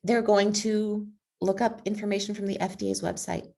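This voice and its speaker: A woman's voice: medium pitch, normal speed, creaky. Persuasive woman on a video call. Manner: energetic, persuasive, with frequent fillers. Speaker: guest speaker, advocacy group president. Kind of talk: conversational online talk.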